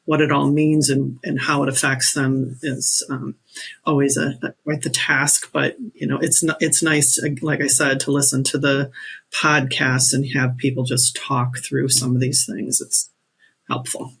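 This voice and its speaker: A man's voice: mid-range voice, little pitch movement, unhurried, creaky, fairly bright tone, slightly rough, low-quality recording. A man working at a brokerage, a podcast guest, talking casually and rambling with restarts. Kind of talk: casual chat.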